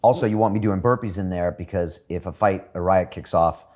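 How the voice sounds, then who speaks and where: A man's voice: low-pitched, fairly quick, a little mellow. A man hosting an interview, asking probing questions and summing up what his guest says. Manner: probing, summarizing. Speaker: interview host.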